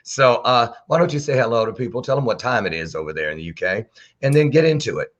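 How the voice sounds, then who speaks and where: Playful animated male talk show host. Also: mid-range voice, fast. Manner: playful, animated, preacher-like banter. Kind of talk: casual interview chat. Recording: dull lo-fi sound.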